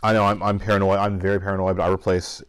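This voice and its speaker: A man building a computer, talking quietly to himself as he works. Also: low-pitched, flat delivery, very fast, clean tone. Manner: quiet self-talk, musing aloud. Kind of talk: casual muttering while working.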